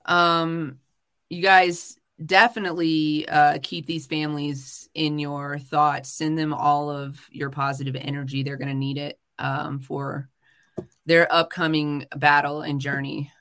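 A woman's voice: sits low, little pitch movement, unhurried, a bit bright. A woman hosting a casual livestream chat, talking heatedly with frequent swearing, fillers and restarts. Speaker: livestream host. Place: home livestream.

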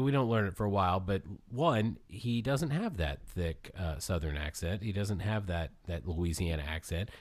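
Laughing, rambling male podcast host. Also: lowish voice. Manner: rambling, laughs often, self-correcting. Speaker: podcast host recapping a film. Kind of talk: casual podcast chat.

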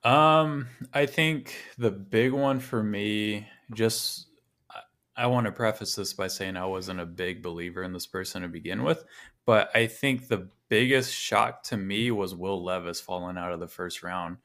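A man co-hosting a casual podcast, giving his opinion in a measured way while thinking aloud with fillers. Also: on the low side, a bit bright. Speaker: podcast co-host. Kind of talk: casual chat.

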